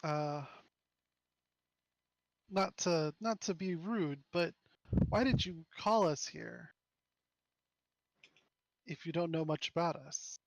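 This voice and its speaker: A male player speaking in character in a hesitant, polite way, with many false starts. His voice is fairly high and gravelly, and his pace is slow. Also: poor audio. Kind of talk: in-character role-play.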